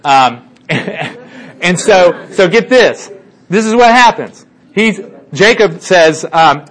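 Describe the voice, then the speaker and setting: A man casually retelling a Bible story to a group as their teacher, animated and chatty, with many fillers and asides. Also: a little high, moderate pace.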